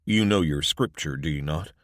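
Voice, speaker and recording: Audiobook: man as a pompous, stilted male recruiter, very low voice, dry sound. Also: moderate pace, no echo. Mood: formal. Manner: formal, stilted, preachy.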